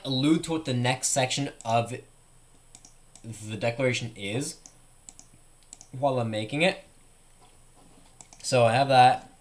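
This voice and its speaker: A man's voice: mid-range voice, fairly bright tone. A young man streaming live, thinking aloud in casual chat with lots of "like" fillers.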